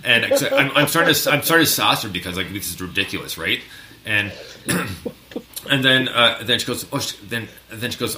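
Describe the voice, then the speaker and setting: Casual co-host, man with a rambling, laughing delivery, bright tone, echoey room. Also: mid-range voice, lively intonation, moderate pace. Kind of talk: casual chat. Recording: echoey room with faint noise.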